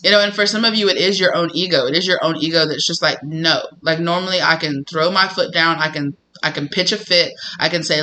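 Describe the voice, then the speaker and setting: Bright, animated male tarot reader. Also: a little high, brisk, hardly any pauses. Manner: animated and emphatic, often laughing. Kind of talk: casual tarot reading to camera.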